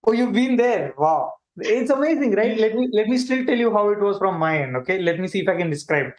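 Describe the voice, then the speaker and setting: Playing a chatty alien who hosts a children's livestream, this man speaks a little fast in a high-pitched voice. His mood is cheerful, and he stays animated and talkative, addressing the viewers directly with playful energy.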